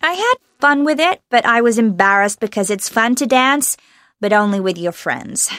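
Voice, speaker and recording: A woman's voice: a little high, animated, normal speed, fairly bright tone, no echo, clean studio sound. A young American woman from Los Angeles, an actress answering interview questions in a bubbly way and laughing often. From Los Angeles, USA.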